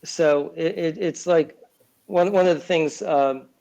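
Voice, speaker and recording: A man's voice: fairly high pitch, takes it slowly, vocal fry, warm tone, low-quality recording. A man guest on an interview podcast, talking casually with many fillers and restarts. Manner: acts out quotes in other voices. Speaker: guest, lawyer and children's author.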